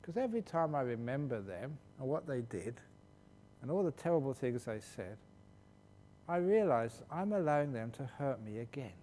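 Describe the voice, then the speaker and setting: A man's voice: very animated, normal speed, dark tone. A man, a Buddhist monk, answering questions at a meditation retreat in a humorous, storytelling way and laughing as he goes. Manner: humorous, laughs while telling stories. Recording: long hall reverb with faint low rumble.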